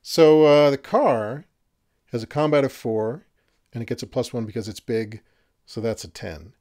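A man narrating and refereeing a horror miniatures game, chatty and quick to laugh at his own jokes. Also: mid-range voice, darkish tone. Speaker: game master.

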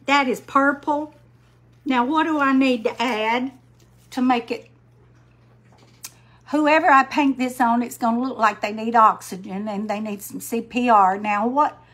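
An older woman, chatting slowly on a craft livestream, greeting viewers by name while she paints. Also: on the high side, a bit bright. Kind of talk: casual live-stream chat while painting.

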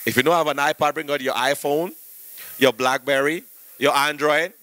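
Young Nigerian man, stand-up in church, high bright voice, dry close sound, animated, acts out voices. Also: moderate pace, dry recording. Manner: animated storytelling, acting out voices, rising to shouts. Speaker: comedian.

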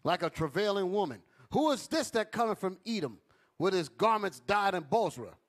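A man's voice: high-pitched, very animated, moderate pace. A man teaching a Bible class in an emphatic preaching style, calling out to his listeners. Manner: emphatic, calls out to the audience.

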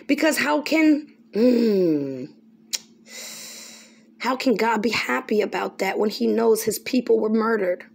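A woman vlogger giving an emphatic, preachy monologue, often pausing to ask "okay?". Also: a little high, creaky, breathy edge. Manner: emphatic, repetitive, keeps asking okay. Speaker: spiritual vlogger.

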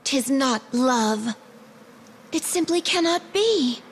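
A woman's voice: sits high, expressive, takes it slowly, a little hiss or hum, exaggerated voice. A woman voicing a proud young valkyrie warrior princess in a game, speaking in a formal, archaic and stern manner. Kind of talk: game voice acting.

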